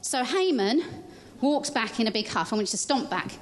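A woman telling a Bible story during a church service, lively as she directs child volunteers. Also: a little high, moderate pace.

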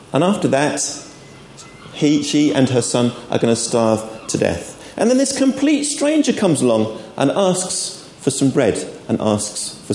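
A man with a fairly high, slightly mellow voice gives an informal sermon at an all-age church service in a church hall, speaking to the congregation with friendly asides. Sound is echoey, typical of a church room, with faint background noise.

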